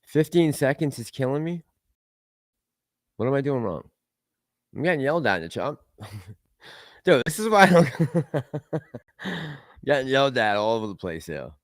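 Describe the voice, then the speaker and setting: A man's voice: medium pitch, big pitch swings, measured pace, pauses often, dry recording, studio quality. A man hosting a casual livestream, rambling and laughing as he reads out and answers chat messages. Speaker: livestream host reading chat.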